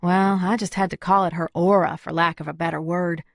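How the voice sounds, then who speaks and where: A woman narrating a first-person audiobook in an even, measured way. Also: on the low side, dry recording, clean studio sound.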